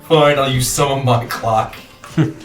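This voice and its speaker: A man's voice: medium pitch, steady tone, unhurried. A man joking and swearing with friends over a card game, teasing the other players. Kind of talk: casual game chat. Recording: roomy sound with music underneath. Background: background music.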